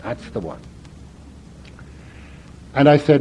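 A man's voice: mid-range voice, very animated, unhurried, long pauses, warm tone, a little hiss or hum. An older Irish man, a priest, telling a personal story in a dramatic, emphatic way, heard in a dull lo-fi recording.

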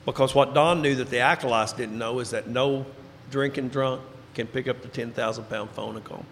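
A man giving a personal recovery testimony, telling his story and dropping into quiet, low tones for emphasis. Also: fairly even intonation, normal speed, a little hiss or hum. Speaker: recovery speaker. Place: large hall before an audience. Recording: reverberant hall, faint ambience.

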